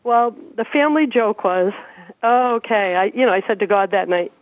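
A woman in her fifties from Massachusetts, a guest telling her life story in an animated, chatty way and laughing as she goes. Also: medium pitch, moderate pace, no room sound. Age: 50s. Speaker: interview guest. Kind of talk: casual storytelling. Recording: dry, tinny phone-like radio sound.

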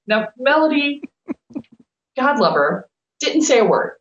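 A woman's voice: sits high, unhurried, pauses often. A middle-aged woman co-hosting a talk, telling a story with lots of animation and laughter and acting out what she once said. Her voice sits in a roomy space, and the recording is a bit dull and lo-fi. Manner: animated, laughing, quotes herself with swearing. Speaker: spiritual coach and podcast co-host. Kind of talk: casual storytelling chat.

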